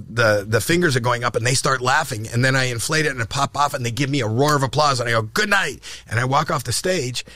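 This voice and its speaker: An older man from Canada, a podcast guest, telling stories in conversation, acting out quoted lines and often repeating and restarting words. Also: no room sound. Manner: animated, acts out quoted lines with rising pitch. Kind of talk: anecdotal storytelling in conversation.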